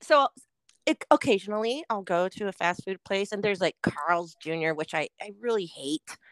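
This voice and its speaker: A woman co-hosting a podcast, telling a fast food rant in casual chat, swearing freely and animated. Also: mid-range voice, no room sound. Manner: swears a lot, animated ranting storyteller. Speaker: podcast co-host.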